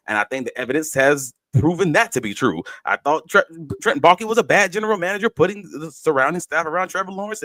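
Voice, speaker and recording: A man's voice: medium pitch, pushed and bright, no room sound. A man co-hosting a sports podcast in casual talk, blunt and emphatic, speaking his mind plainly. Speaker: podcast co-host.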